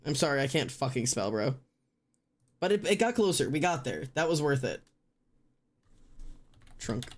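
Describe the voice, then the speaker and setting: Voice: mid-range voice, big pitch swings, moderate pace. A streamer casually thinking aloud during a live word-guessing game, spelling words out letter by letter and poking fun at themself.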